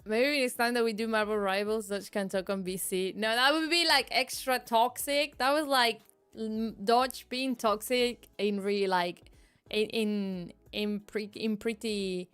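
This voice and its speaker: A woman's voice: a little high, fairly even intonation, unhurried, a bit bright, clean tone. A woman streamer chatting casually, rambling with restarts and giggling often. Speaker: VTuber streamer. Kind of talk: casual chat. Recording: faint music behind.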